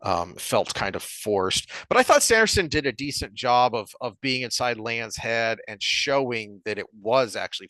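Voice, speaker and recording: A man with a bright, forward voice talks through a book passage, stopping and restarting as he hunts for lines and reads them aloud. His pitch sits a little low, and the sound is dry and close. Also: dry recording. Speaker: podcast co-host. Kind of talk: casual book discussion.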